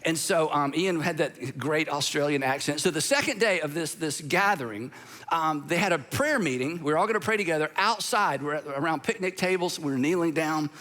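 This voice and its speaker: A man's voice: fairly high pitch, brisk, pushed and bright. A man, preaching a sermon as a pastor, telling stories in a conversational way with asides.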